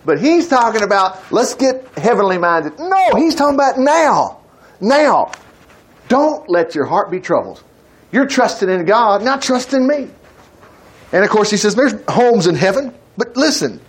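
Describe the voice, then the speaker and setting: A man's voice: sits high, measured pace, slightly rough. A man preaching a casual, folksy sermon, acting out the people he quotes. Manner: folksy, animated, acts out quotes.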